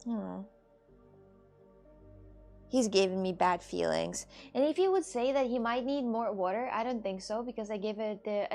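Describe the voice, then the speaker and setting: A young woman streamer chats casually to her viewers, answering their questions as they come in. Her medium-pitched voice has a gravelly fry to it, and faint music plays quietly behind her. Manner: chatty, reads and answers chat questions. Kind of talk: casual live-stream chat.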